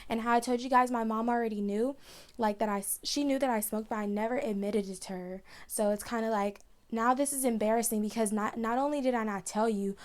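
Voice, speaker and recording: A young woman telling a personal story in a vlog, chatty and emotional, with lots of "like" as she talks. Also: a little high. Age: young adult. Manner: chatty, emotional, fast retelling with many "like"s. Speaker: vlogger.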